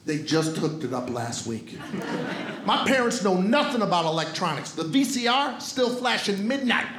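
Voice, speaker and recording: A stand-up comedian from Brooklyn, telling streetwise stories with a punchy delivery. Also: male voice, high voice, big pitch swings, moderate pace. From Brooklyn, New York. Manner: streetwise, punchy, shouting into put-on voices. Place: comedy club stage. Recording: roomy live club recording with noise.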